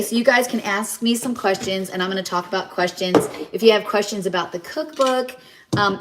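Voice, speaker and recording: A woman's voice: medium pitch, noisy background. Woman, middle-aged, chatty livestream host, rambling, home kitchen, clattering dishes and running water behind. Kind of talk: casual livestream chat.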